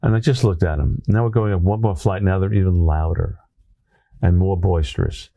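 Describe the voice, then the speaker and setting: A man's voice: low voice, normal speed, vocal fry, dry recording, dull audio. A man with a Brooklyn accent, a former teacher telling a classroom story as an interview guest, often checking in with "right?". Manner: animated storyteller, tag questions like "right?". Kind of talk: anecdotal storytelling in conversation.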